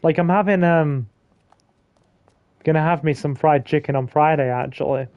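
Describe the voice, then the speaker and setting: A man's voice: on the high side, moderate pace, no echo, dull audio. A man co-hosting a gaming stream, joking and reading chat aloud. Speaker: game stream co-host. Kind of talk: casual gaming commentary.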